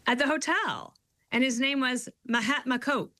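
A woman's voice: high voice, normal speed, a bit bright, no room sound, pitched above the performer's own voice. A woman putting on her husband's posh British accent, voicing a dry, matter-of-fact middle-aged Englishman. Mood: deadpan, genteel. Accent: British (posh English, put on).

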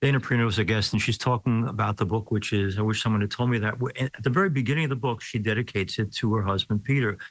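A man's voice: fairly low pitch, fast talker, hardly any pauses, dry recording, rough recording. A middle-aged man hosting an interview, an easygoing interviewer who asks friendly questions. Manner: warm, easygoing interviewer who laughs readily. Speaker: host.

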